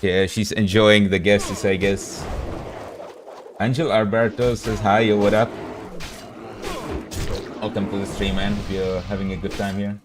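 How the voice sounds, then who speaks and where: A man's voice: lowish voice, level tone, normal speed, background noise. A man from Europe, a game streamer, chatting casually with his live audience in a rambling, laid-back way full of slang.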